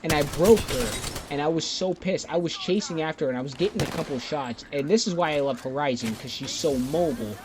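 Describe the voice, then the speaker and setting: This young gaming YouTuber's fairly high voice moves fairly quickly with hardly any pauses. He narrates his own gameplay clips in a rambling, profane, laid-back voice-over, game gunfire and clicks running underneath.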